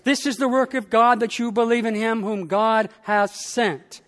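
A male pastor preaching with a high voice and an unhurried, deliberate delivery. He leans on each phrase with dramatic pauses. His words ring out with a long church-hall reverb. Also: fairly even intonation, fairly bright tone. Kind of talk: sermon.

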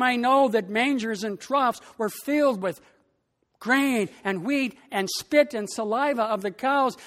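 Slow, deliberate preacher in a reverberant church. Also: mid-range voice, fairly bright tone. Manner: slow, deliberate delivery with emphatic rises on key phrases. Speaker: pastor. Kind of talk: sermon.

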